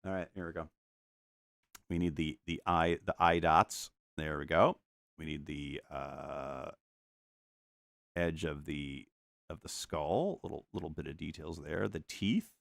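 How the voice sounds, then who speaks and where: A man's voice: a bass voice, a little slow, vocal fry, no echo, studio quality. A man chatting casually while painting on a live stream at home, joking and making little sound effects as he works. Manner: animated, jokey, makes sound effects. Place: home studio.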